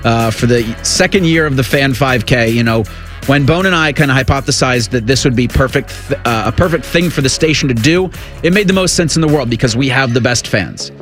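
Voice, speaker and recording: An upbeat man co-hosts sports talk radio and thanks listeners in a smooth, practiced read. His voice sits at a middle pitch, with a light music bed underneath. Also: fairly quick, a bit bright. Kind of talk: casual radio chat.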